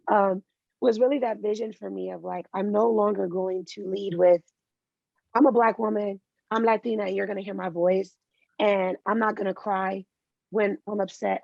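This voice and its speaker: A woman with a gravelly, creaky edge speaks candidly in an interview and slips into lively impressions of the people she quotes. The sound is dry and close, with a slightly muffled, dull tone like remote call audio. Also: medium pitch, dry recording. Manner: candid storytelling, animated quoting of others. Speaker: guest. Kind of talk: interview conversation.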